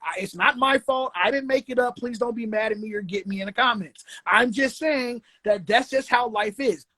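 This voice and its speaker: Blunt, cussing woman with a bright voice. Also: fairly high pitch, normal speed, no room sound. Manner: blunt, swears freely, apologetic asides. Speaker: guest. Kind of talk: casual chat.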